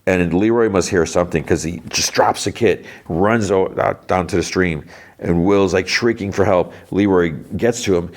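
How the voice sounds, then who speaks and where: Male podcast host, low voice, loose chatty scene-by-scene recap. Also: normal speed. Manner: retells scenes loosely, peppered with "like" and quoted dialogue. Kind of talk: casual TV episode recap.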